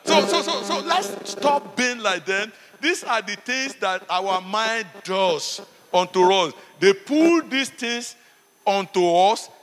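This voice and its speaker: A man's voice: sits high, expressive, slow, a bit bright, in a large hall. A middle-aged man with a Nigerian accent, a pastor preaching a sermon and telling stories, often saying "Praise God.".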